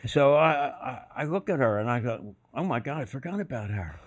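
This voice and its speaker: A man's voice: mid-range voice, expressive, brisk. An older man from Philadelphia, a podcast guest telling stories casually, acting out the voices of the people he quotes, with many fillers and restarts. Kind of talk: casual storytelling.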